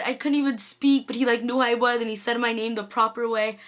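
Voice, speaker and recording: Fast-talking excitable young-sounding woman. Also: a little high. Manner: excitable, gushing, many "like"s. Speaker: vlogger. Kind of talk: casual storytelling to camera.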